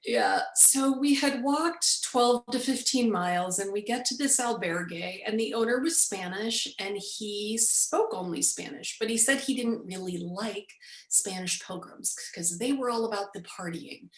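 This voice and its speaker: A woman in her forties, the guest, telling a personal story with lively storytelling and acted-out quotes. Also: medium pitch, unhurried, roomy sound, rough recording. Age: 40s. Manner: animated storyteller, acts out quoted speech. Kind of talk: storytelling in an interview.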